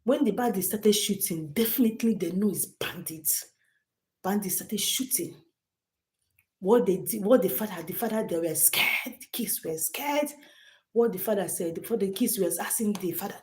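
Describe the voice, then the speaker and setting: A woman's voice: mid-range voice, moderate pace, a little mellow. Brief: woman, live-stream host talking straight to chat, emphatic, repetitive delivery. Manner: emphatic, repeats phrases, addresses chat directly. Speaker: livestream host.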